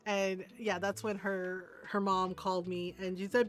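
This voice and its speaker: A woman's voice: mid-range voice, normal speed, fairly bright tone, soft background music. An older woman, a grandmother, chatting casually and telling stories while she streams a game, laughing often and asking "right?".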